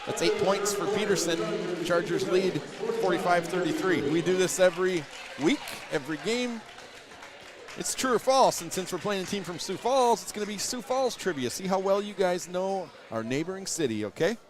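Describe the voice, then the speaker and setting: Man calling a high school basketball game. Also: crowd noise. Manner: rapid play calls, shouts on big plays. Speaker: play-by-play announcer. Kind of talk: live basketball commentary. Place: high school gym stands.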